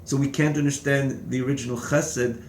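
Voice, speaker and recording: A Torah teacher gives a text-study lecture, reading a phrase and then translating and restating it in several words. His medium-pitched voice is steady and moves at normal speed. The room is echoey, with slight background noise.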